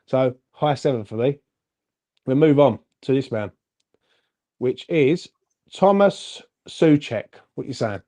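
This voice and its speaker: Man, casual football chat, animated, chatty, mellow dark voice. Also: medium pitch, takes it slowly, pauses often. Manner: animated, chatty, says "mate" a lot. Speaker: fan channel co-host.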